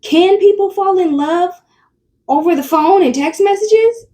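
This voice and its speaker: A woman's voice: very high-pitched, measured pace, mellow. A woman hosting reaction commentary, talking bluntly and scolding. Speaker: commentary channel host.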